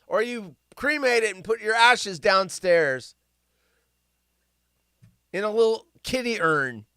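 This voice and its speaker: A man's voice: high-pitched, expressive, takes it slowly, gravelly, sharp tone, smooth, no echo, clean studio sound. A man hosting a live stream, reading news stories aloud and ranting about them in a rambling, sarcastic way that keeps going off on tangents. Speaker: livestream host.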